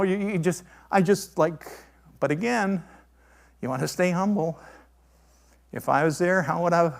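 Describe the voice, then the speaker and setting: A man preaching a sermon in an animated way, with incredulous asides and stammering restarts. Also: sits high, creaky. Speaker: pastor.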